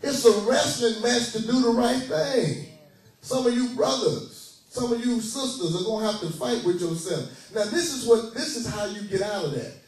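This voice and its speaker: High-voiced preacher in an echoey hall. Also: male voice, lively intonation, normal speed, a little mellow, recorded from a distance. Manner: folksy, joking, urging the congregation to answer. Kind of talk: call-and-response sermon.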